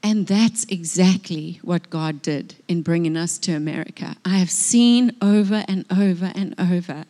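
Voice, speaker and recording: A woman's voice: lowish voice, normal speed, hardly any pauses, mellow. A woman sharing a personal testimony in a sermon before a congregation, speaking earnestly and with emotion. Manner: earnest, emotional, tearful at moments. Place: church hall before a congregation.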